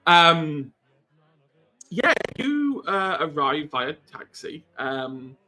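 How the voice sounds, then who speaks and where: Male game master, bright tone, slow and meandering, dry jokes. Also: a little high, big pitch swings. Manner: rambling, many ums, wry asides. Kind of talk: narrating a tabletop game.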